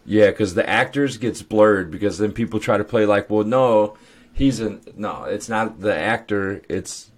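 A man's voice: on the low side, a little slow. A young adult man co-hosting a podcast, telling loose stories with laughs and swearing. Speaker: podcast co-host. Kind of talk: casual chat.

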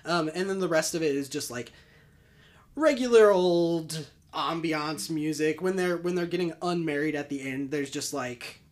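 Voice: mid-range voice, normal speed. A podcast co-host chatting casually about a movie, rambling with lots of fillers. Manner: rambling, filler-heavy, enthusiastic. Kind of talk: casual movie review chat.

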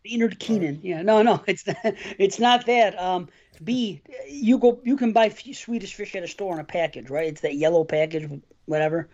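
A man's voice: high voice, moderate pace, a little mellow, highs cut off. A man hosting a podcast in casual chat, rambling through stories, swearing casually and laughing often. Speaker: podcast host.

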